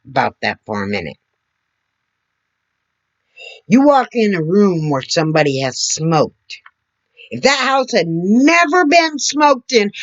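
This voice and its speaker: A woman talking slowly and earnestly to her camera, demonstrating as she explains, sitting several feet back from her computer mic. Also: fairly low pitch, lo-fi sound. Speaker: vlogger. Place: indoor room at a computer. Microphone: computer mic several feet away.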